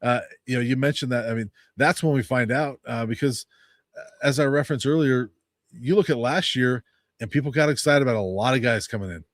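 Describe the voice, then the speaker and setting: Measured male beat writer, dry sound. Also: mid-range voice, dry recording. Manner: measured, explanatory, many fillers. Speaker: college football beat writer, guest. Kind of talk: sports analysis, casual.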